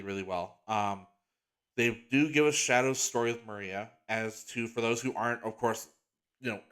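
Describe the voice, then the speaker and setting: A man's voice: medium pitch, fairly bright tone, clear, resonant tone. A man hosting his own podcast in a casual solo chat, rambling and enthusiastic, with lots of "like" fillers and restarts. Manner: gets emotional and earnest about a heartfelt topic. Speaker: podcast host.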